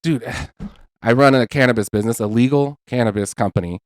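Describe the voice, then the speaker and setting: A man's voice: mid-range voice, brisk, smooth, no room sound, studio quality. A man co-hosting a podcast, ranting in casual chat and swearing freely. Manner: profane, fired-up ranting. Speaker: podcast co-host, cannabis business owner. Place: podcast studio.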